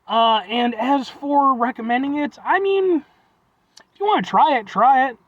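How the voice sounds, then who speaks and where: A man's voice: extremely high pitch, lively intonation, moderate pace, fairly bright tone, no room sound. A young man reviewing food in a rambling, folksy vlog chat, often calling viewers "folks" with playful exaggeration. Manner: playful exaggeration, self-deprecating. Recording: dull lo-fi dry recording.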